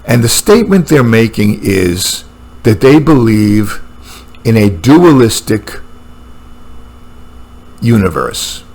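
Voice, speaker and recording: Man, low gravelly voice, casual home monologue that muses and restarts often. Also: sing-song, slow pace, long pauses, darkish tone. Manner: musing, with frequent fillers and restarts. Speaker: booktuber talking about philosophy. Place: room at home with a computer and a painting.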